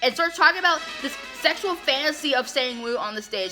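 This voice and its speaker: Host, woman, casual sarcastic recapper, clear music bed underneath. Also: high-pitched, animated, brisk, hardly any pauses. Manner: sarcastic, chatty, lots of "like".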